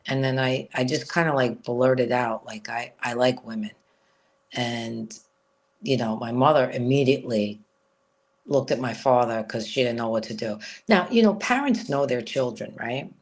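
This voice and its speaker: A woman as an interview guest, telling a personal story in a frank, rambling way with lots of "you know.". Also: rumbling low.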